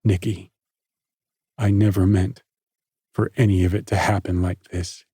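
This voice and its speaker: A man voicing a defeated teenage boy who speaks quietly and apologetically. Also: low-pitched, level tone, unhurried, breathy edge, no room sound, studio quality. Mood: defeated hushed.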